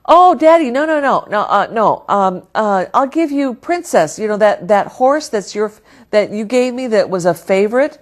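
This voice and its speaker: A woman voicing an excited five-year-old girl who begs and pleads in a high, squealing voice. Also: normal speed, close to an everyday voice. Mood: pleading. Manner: squealing, begging, high-pitched.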